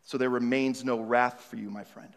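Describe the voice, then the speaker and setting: A male pastor preaching, moving between hushed, searching questions to the congregation and loud, emphatic passages. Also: mid-range voice, steady tone, normal speed. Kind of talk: sermon. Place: church hall. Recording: long reverb of a large hall.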